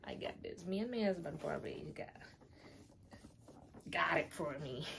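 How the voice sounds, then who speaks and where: A giddy young woman chats through a home unboxing, slow and unhurried, her voice gravelly with fry. She gushes, giggles and slips into awed whispers. The home video carries clear background noise. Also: lowish voice, animated, fairly bright tone. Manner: gushing, giggly, drops to whispers in awe. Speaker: vlogger unboxing a gift. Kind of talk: excited casual unboxing chat.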